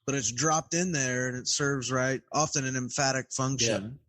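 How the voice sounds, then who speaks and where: A man co-hosting a podcast who adds technical grammar terms and examples in a measured, casual way. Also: mid-range voice, steady tone, fairly bright tone, no echo. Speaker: Greek grammar podcast co-host. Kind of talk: casual teaching chat.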